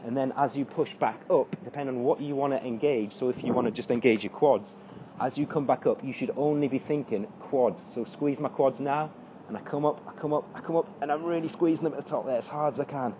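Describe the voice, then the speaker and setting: A man's voice: medium pitch, quick pace, lo-fi sound, slight background noise. A man coaching an exercise tutorial, talking through squats as he demonstrates them and straining during the reps. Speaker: fitness coach.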